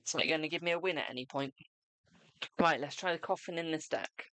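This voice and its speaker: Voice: medium pitch, a little fast, a bit bright, no echo. A tarot reader hosting a casual live stream, chatty and self-mocking, swearing freely.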